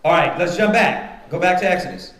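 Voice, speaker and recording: High-pitched, a bit bright and a little fast, a man's voice echoes through a roomy space as he leads a Bible study. He works point by point, rhetorically asking his congregation "right?" again and again.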